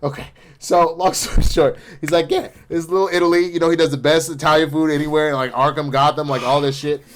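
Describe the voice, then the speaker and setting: Man, casual review co-host, rapid, slightly high voice, profane, rambling scene recaps. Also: steady tone, a little hiss or hum. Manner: profane, rambling, retells scenes acting out lines. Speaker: podcast co-host reviewing an animated episode.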